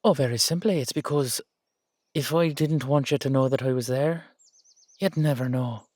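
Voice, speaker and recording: A man's voice: mid-range voice, moderate pace, darkish tone, no room sound, clean studio sound, close to an everyday voice. A man voicing a wary older Irish uncle, a retired safecracker, with a sly, teasing drawl. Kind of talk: audio drama acting.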